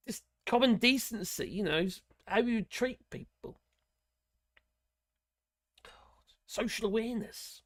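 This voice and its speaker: This is casual commentary on a live politics stream, where a man rambles, talks bluntly, swears a lot, and laughs to himself. He speaks slowly in a high, expressive voice, leaving long pauses. It's a dry recording with clean studio sound.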